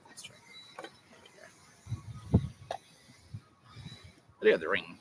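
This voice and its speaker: A man's voice: extremely slow, a little hiss or hum, low-quality recording. A man hosting his own podcast, rambling, joking, swearing and laughing often as he talks to his camera. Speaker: podcast host. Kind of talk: rambling casual monologue.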